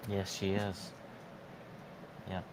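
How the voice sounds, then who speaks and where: A man's voice: deep voice, completely flat delivery, extremely slow. A man co-hosting a casual livestream chat, joking in short interjections. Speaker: co-host.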